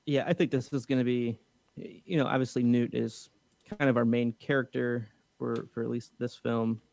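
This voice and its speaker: Gravelly-voiced male podcast co-host. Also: mid-range voice, fairly even intonation, normal speed, darkish tone. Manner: joking asides, rambling restarts. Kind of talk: casual podcast chat.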